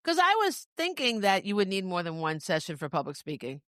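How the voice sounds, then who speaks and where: A woman's voice: mid-range voice, huge pitch swings, brisk, fairly bright tone, no echo, studio quality. Rambling woman podcast co-host. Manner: rambling, restarts sentences. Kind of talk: casual chat.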